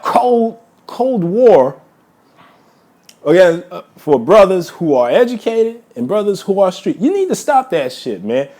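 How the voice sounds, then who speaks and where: A man ranting heatedly in a monologue to his viewers, repeating himself and tacking "man" onto most sentences. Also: sits high. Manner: heated, repetitive, addresses listeners as brothers, says man constantly. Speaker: vlogger.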